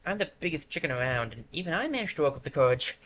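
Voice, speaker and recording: A streamer voicing a shy, eager young penguin explorer while reading game dialogue aloud, with an earnest, soft manner. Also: mid-range voice, big pitch swings, rapid-fire, slight background noise. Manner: earnest, soft, a bit timid.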